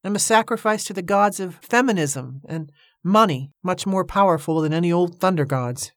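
A woman's voice: fairly low pitch, lively intonation, normal speed, no room sound, clean studio sound, lightly acted. A woman reading aloud, voicing a wry, self-mocking young woman in a storybook. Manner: wry and ironic.

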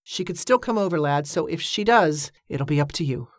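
A woman voicing a gruff, worried middle-aged boatman uncle who speaks in curt, clipped replies. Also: deep voice, expressive, normal speed, dry recording, clean studio sound. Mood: tense, gruff.

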